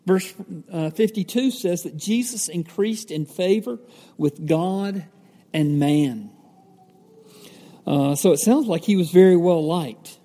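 A pastor giving a sermon, teaching from the Bible in a conversational way, with fillers and self-corrections. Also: male voice, high voice, slow, mellow. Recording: echoey hall with long reverb.

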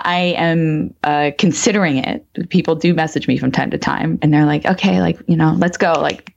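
A woman's voice: deep voice, creaky, lo-fi sound. A woman co-hosting a podcast, talking casually in long, rambling, self-deprecating stretches full of fillers. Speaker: podcast co-host.

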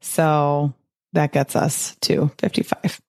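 A middle-aged woman hosting her own podcast, talking in a chatty, upbeat way with quick asides and frequent laughs. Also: sits low, little pitch movement, vocal fry, a little mellow, no echo, clean studio sound. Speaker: podcast host, physician and weight-loss coach. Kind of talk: casual solo podcast talk.

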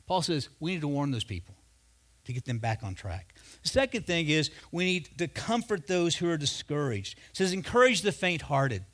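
A man in his fifties delivering a sermon as a pastor. He talks in a loose, conversational way, and his voice sits somewhat high for a man. He moves into personal stories and acts out the back-and-forth of the dialogue. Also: very animated, moderate pace, fairly bright tone. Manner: conversational storytelling, acting out dialogue.

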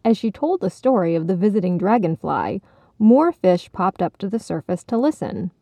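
A woman narrating a children's storybook in a calm, measured way. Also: mid-range voice, creaky, no room sound.

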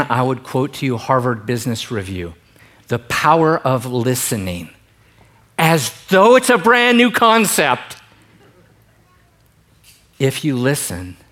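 A middle-aged man preaching a sermon in an animated, joking way, moving from quiet emphasis to loud bursts. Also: medium pitch. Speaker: pastor.

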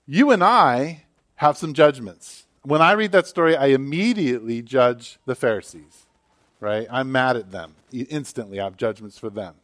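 A man pastor preaching a sermon, reading scripture and then talking it through in a relaxed, conversational way with frequent asides to the listeners. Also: mid-range voice, normal speed. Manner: conversational and animated, many "right?" and "like" asides.

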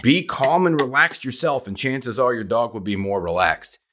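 A man's voice: mid-range voice, lively intonation, normal speed, sharp tone. A man hosting a podcast, talking with enthusiasm in an easy conversational way as a dog trainer. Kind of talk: conversational interview.

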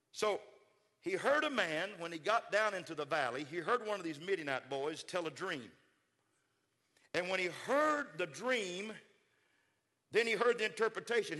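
A man preaching a sermon as pastor, building to shouted call-and-response and leading the congregation to repeat after him. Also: fairly high pitch, in a large hall.

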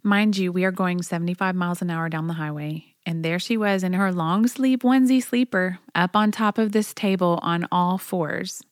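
A woman in her forties with a lowish, smooth, resonant voice, chatty and anecdotal, laughing now and then as she tells stories. The sound is close and dry. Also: normal speed, few pauses, no echo. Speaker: storyteller, mother on tour. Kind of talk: personal storytelling monologue.

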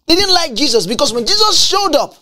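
A woman's voice: high-pitched, big pitch swings, a little fast, sharp tone. A woman preaching a sermon with emphatic, repetitive delivery and scripture quotations. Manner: emphatic, repeats lines for effect, quotes scripture.

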